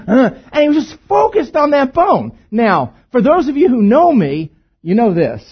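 Male pastor, animated husky storyteller, slightly muffled recording. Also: very high voice, a little slow. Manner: storytelling with humor, swinging between hushed and loud. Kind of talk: sermon.

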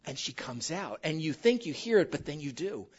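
Lively joking woman pastor preaching. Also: low voice, moderate pace, husky. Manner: animated, joking storytelling addressed to the congregation. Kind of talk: sermon. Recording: muffled lo-fi recording.

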